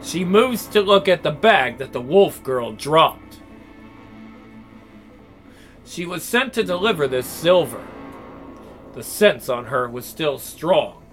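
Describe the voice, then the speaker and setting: A man's voice: on the high side, animated, takes it slowly, long pauses, fairly bright tone, soft background music. A man reading a role-play story aloud, with jokey, chatty asides between the passages.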